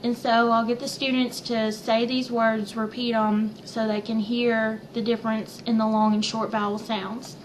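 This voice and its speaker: A young woman teacher walking through her lesson plan in a plain, unhurried way with a few fillers. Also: a little high, level tone, slight background noise, poor audio.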